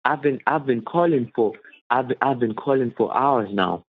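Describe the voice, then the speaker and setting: A man calling in, angry and shouting, swearing and accusing the other side of scamming him. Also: medium pitch, normal speed, slight background noise. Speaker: caller. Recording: tinny phone line.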